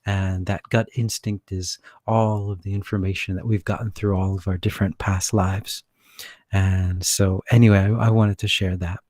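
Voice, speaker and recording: A man's voice: sits low, level tone, moderate pace, a little mellow, dry recording, clean studio sound. A man who works as a channeler chats casually on his vlog, rambling, chuckling and breaking off his own sentences. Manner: rambling, chuckling, self-interrupting.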